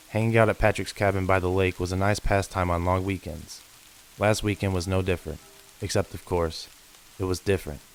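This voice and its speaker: A man reading first-person creature horror stories as scripted narration, in a slow, measured, ominous manner. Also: low voice, slight background noise, poor audio. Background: faint rain.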